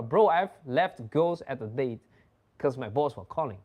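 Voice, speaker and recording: Pitched in the middle range, this young Dutch host takes his time and pauses often. He's chatting casually, telling stories with a loose, laughing, foul-mouthed energy.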